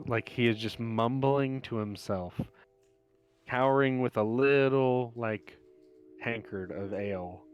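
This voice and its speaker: A man's voice: mid-range voice, slow, smooth, lo-fi sound, soft background music. A man narrating as game master in a tabletop role-playing game.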